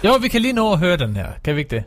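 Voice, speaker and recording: Man reading radio news with a slightly raised pitch. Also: wildly swooping pitch, racing. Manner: reads news steadily, with occasional filler hesitations. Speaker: radio host and newsreader.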